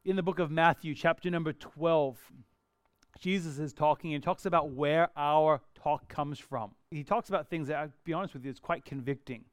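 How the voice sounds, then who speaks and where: Male pastor, chatty animated sermon delivery, smooth resonant higher voice. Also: moderate pace, no room sound, clean studio sound. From Australia. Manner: conversational, animated preaching with acted-out asides.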